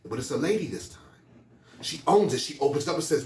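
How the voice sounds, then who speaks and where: A male motivational speaker tells students a story with animated, urgent emphasis. His voice runs fairly high and swings widely in pitch. He is heard from a distance in an echoey room with faint ambience behind. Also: fast, a little hiss or hum. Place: school hall.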